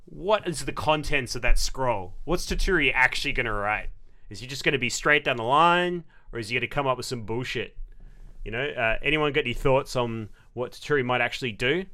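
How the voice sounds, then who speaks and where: A man hosts a podcast in a loose, conversational way. His voice is bright and forward, and he laughs easily with the others. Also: mid-range voice. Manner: laughs often, relaxed and chatty. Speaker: podcast host. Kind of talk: casual podcast chat.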